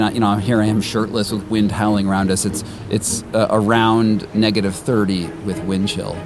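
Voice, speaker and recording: A man telling his own story in the first person, halting and full of restarts and repeats. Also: lowish voice. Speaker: storyteller guest.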